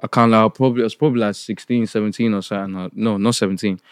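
Animated young man from Nigeria, dry sound. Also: on the low side, racing, no echo. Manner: animated storyteller, slangy. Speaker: podcast co-host. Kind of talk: casual chat.

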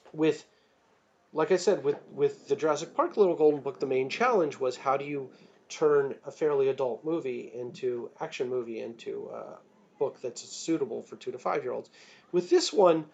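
A man, a children's book author, answering interview questions in a rambling, animated way with many fillers and restarts. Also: medium pitch. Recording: slightly dull lo-fi audio.

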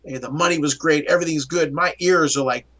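A man's voice: on the high side, quick pace, highs cut off. A middle-aged man from the Pittsburgh area, telling his story in an interview and acting out the dialogue. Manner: animated, acts out dialogue in storytelling. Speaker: interview guest.

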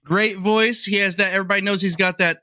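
Bright, high-pitched hyped man. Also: fairly even intonation, quick pace, no echo. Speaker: podcast co-host. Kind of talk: casual chat.

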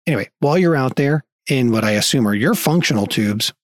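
A man hosting a podcast and narrating a tabletop game as game master, with quick joking asides. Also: mid-range voice, animated, no echo, studio quality.

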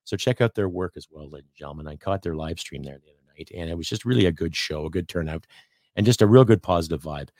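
A middle-aged Canadian man hosting his own podcast, ranting bluntly and profanely, swinging from loud outbursts to low muttering. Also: fast talker, no room sound, clean studio sound. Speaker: podcast host. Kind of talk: opinionated rant.

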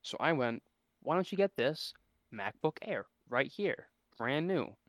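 A man's voice: mid-range voice, expressive, unhurried, fairly bright tone, no echo. A man telling an exasperated retail story in a casual podcast chat, mimicking customers. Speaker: podcast co-host.

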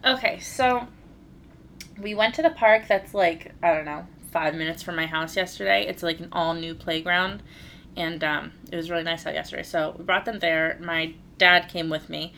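Animated storytelling woman, lower voice. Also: moderate pace, creaky, a little hiss or hum. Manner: animated, swearing, laughing while telling a story. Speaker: podcast co-host. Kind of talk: casual storytelling chat.

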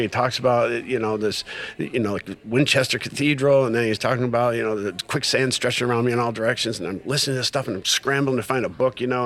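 A middle-aged man telling a personal story in casual conversation, acting out quoted dialogue with lots of fillers. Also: medium pitch. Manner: animated retelling with quoted dialogue, many fillers. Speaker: guest sharing recovery story.

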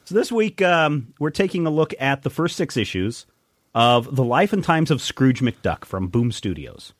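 A man's voice: medium pitch, very animated, unhurried, no room sound, studio quality. A man hosting a podcast, talking enthusiastically about comics in a casual, rambling way. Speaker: podcast host.

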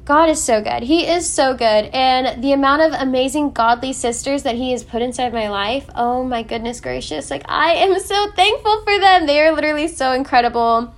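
A woman's voice: high voice, normal speed, hardly any pauses. A young woman sharing a personal faith testimony in an earnest, emotional way, with many fillers. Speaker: faith vlogger.

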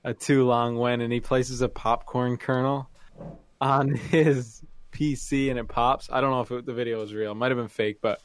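Chill young guy on a podcast, smooth voice, dry mic, kinda slangy. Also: medium pitch, level tone, moderate pace, no room sound. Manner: laid-back, slangy, stammers at starts. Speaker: podcast co-host. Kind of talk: casual chat.

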